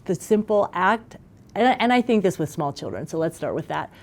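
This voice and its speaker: A middle-aged woman speaking as a parenting expert guest in a conversational interview, animated and acting out little scenes. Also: fairly low pitch, a little fast.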